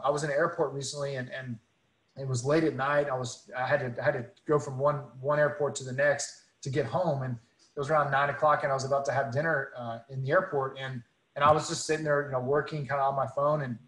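A man's voice: medium pitch, little pitch movement, fairly quick, fairly bright tone, reverberant, low-quality recording. A man telling a personal faith story in an earnest, conversational way, often restarting and repeating words. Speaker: guest speaker.

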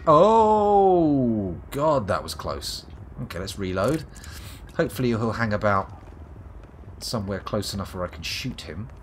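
Man, southern English accent, lowish voice, sardonic game commentary, swears, mutters to himself. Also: expressive, normal speed, long pauses, a bit bright, slight background noise. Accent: southern English, near London. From England. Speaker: streamer. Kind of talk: live gameplay commentary.

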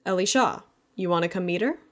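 A woman voicing a calm, wry young man in an audiobook, close to her own voice. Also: on the low side, brisk, natural voice.

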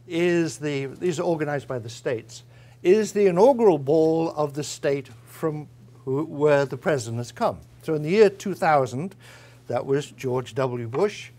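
A man's voice: on the high side, a little mellow. A man giving an academic guest lecture, conversational and wry, with frequent small hesitations. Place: university lecture room.

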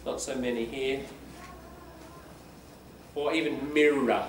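A man's voice: medium pitch, fairly even intonation, unhurried. A man teaching an English class, patiently explaining and demonstrating word stress by reading aloud. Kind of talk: classroom lesson. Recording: echoey room, far from the mic, background noise.

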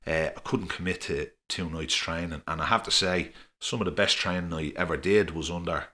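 Forceful low-voiced Irish man. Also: a little fast. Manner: chatty, rambling anecdotes with frequent fillers. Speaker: podcast guest, former referee. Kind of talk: casual storytelling.

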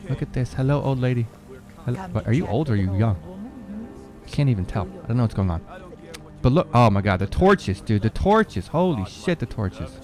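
A man giving casual, excitable gameplay commentary, rambling with fillers and cursing as he talks to the screen. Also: medium pitch, brisk, music in the background, poor audio. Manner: rambling with many fillers and repeats. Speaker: gamer showing off a modded game.

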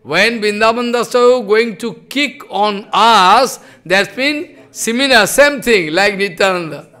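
A man, telling a devotional story in a sermon with animated, broken phrasing. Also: sits high, measured pace. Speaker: preacher.

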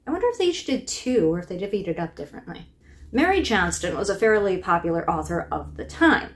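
Lively chatty woman reviewing books. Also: mid-range voice. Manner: chatty with wry asides and laughs. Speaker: book review host. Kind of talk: casual book review narration.

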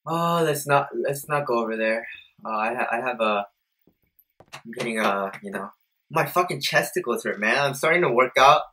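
A young man commentating a horror video game, jumpy and profane, swinging between low mutters and shouted panic. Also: animated, normal speed. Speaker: gameplay streamer.

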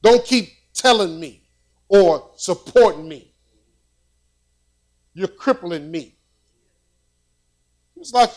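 High-voiced man preaching conversationally. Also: slow, pauses often. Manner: conversational preaching with repetitions and storytelling. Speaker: pastor. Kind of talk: sermon.

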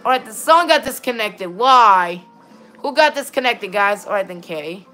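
A woman livestreams a game and chats casually with her viewers, often stammering, restarting and saying "all right, then". Her mid-range voice has a sharp tone and lively intonation at a moderate pace, with soft music in the background.

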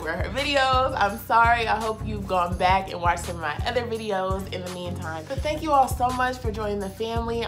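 A young woman talking casually and openly to her viewers in a faith vlog, chatty and confiding. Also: fairly high pitch. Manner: chatty, warm-hearted, confiding, heartfelt. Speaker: vlogger. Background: soft background music.

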